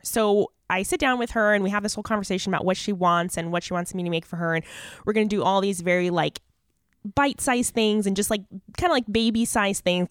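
A woman's voice: lowish voice, clear, resonant tone, no room sound, clean studio sound. A woman guest on a podcast, telling a story in an earnest, chatty way with lots of fillers. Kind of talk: casual storytelling.

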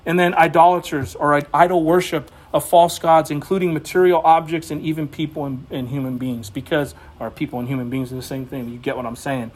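A man preaches an informal, conversational sermon that grows emphatic at times, rising to animated exhortation. His fairly high voice runs a little fast with few pauses.

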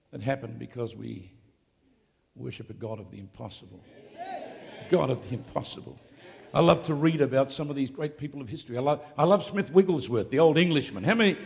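A man preaching live to a congregation, moving between hushed storytelling and loud, shouted declarations. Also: fairly high pitch, creaky, in a large hall. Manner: swings from quiet storytelling to shouted exclamations. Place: large hall, live event.

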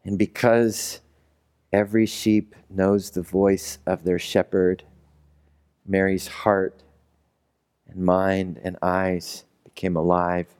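A man's voice: low-pitched, little pitch movement, slow, long pauses, a little mellow, smooth. A man preaching a sermon as a pastor, in a loose, conversational storytelling way. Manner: conversational storytelling, acting out characters.

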